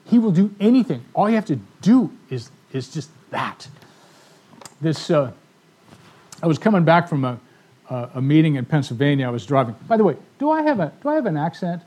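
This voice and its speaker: A man telling stories in a sermon to a live audience, animated, acting out the voices of the people in his stories. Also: fairly high pitch, brisk, slightly rough. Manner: animated storyteller, acts out quoted voices. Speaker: ministry speaker. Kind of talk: storytelling sermon talk.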